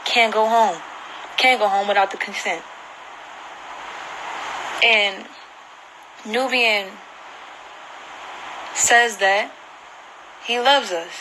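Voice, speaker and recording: A woman's voice: mid-range voice, fairly even intonation, extremely slow, pauses often, background noise. A woman vlogger giving an emotional personal account to camera, earnest and repeating herself for emphasis. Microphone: phone screen recording.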